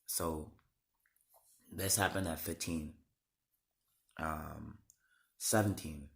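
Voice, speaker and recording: A man in his thirties telling his life story to camera, halting and rambling with many restarts and blunt swearing. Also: extremely low pitch, fairly even intonation, creaky. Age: 30s. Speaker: vlogger.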